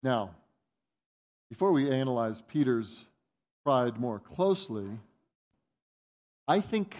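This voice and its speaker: A man preaching a sermon, animated, jumping up in pitch to voice the disciples' protests and dropping soft for reflective points. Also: takes it slowly. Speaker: pastor.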